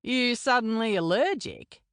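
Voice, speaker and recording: A woman's voice: fairly high pitch, expressive, a little slow, fairly bright tone, smooth, no room sound, clean studio sound, voice pushed up. Woman voicing cheeky male teammate, upbeat, teasing.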